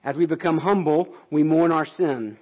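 A man's voice: fairly high pitch, moderate pace, husky, highs cut off. A man pastor delivering a sermon in an earnest, explanatory way.

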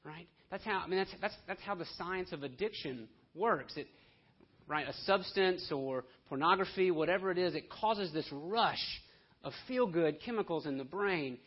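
A man preaching a sermon with passion, dropping to hushed lines and then rising to loud, emphatic ones. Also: high-pitched, normal speed, husky. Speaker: pastor. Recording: dull lo-fi sermon audio.

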